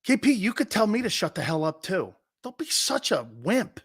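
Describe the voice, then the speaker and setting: A man with a Philadelphia accent hosting an opinionated sports talk show, loud and excitable, often laughing and shouting. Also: sits high, normal speed, slightly rough.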